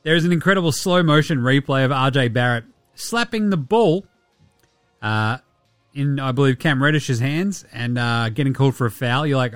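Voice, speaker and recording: A man's voice: mid-range voice, lively intonation, moderate pace, a bit bright, no echo, studio quality, faint music behind. An Australian man hosting a sports podcast, talking casually and sarcastically, swearing often and mocking the people he talks about. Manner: profane, sarcastic, mocking impressions. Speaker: podcast host.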